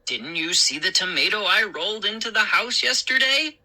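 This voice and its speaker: A woman's voice: medium pitch, expressive, normal speed, bright, forceful tone, voice pushed up, rough recording. A woman voicing a cheerful, joking father in a storybook reading. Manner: jokey, upbeat.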